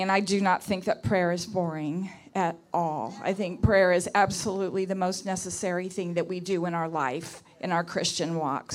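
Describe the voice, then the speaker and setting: A woman delivers an earnest prayer message at a church conference. She speaks at a middle pitch, often restarting her phrases and stacking words for emphasis.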